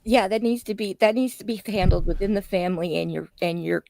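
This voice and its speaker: A woman's voice: medium pitch, a little fast, gravelly, a little mellow, dry recording. A woman co-hosting a casual podcast discussion, chatty, with drawling asides. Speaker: podcast co-host.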